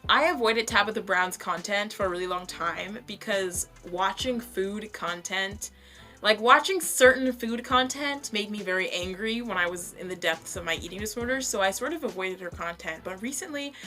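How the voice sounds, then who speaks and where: Bright-voiced young woman roasting creators. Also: medium pitch, a little fast, faint music behind. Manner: blunt, profane, chatty with many fillers. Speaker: vlogger reviewing other creators. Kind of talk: casual roast commentary.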